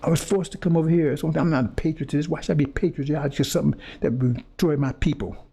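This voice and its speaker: A man's voice: a little high, steady tone, fast, creaky, dark tone, breathy edge. A man delivering an impassioned, confrontational monologue to his audience, repeating phrases and stumbling over words as he searches for them. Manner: fiery, confrontational, repetitive phrasing; stammers and restarts when searching for words. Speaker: preacher speaking to his audience.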